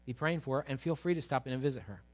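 A man preaching a sermon as pastor to his congregation. He swings from loud to hushed and keeps asking the listeners questions. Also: mid-range voice, racing. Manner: asks the congregation rhetorical questions. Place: church sanctuary before a congregation.

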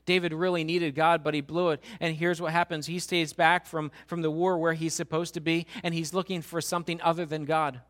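A middle-aged male pastor preaching with a high-pitched voice. He drops low and slow for tender moments, then rises to loud, pressing questions. His sermon delivery is conversational and earnest. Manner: swings from hushed and slow to loud and emphatic.

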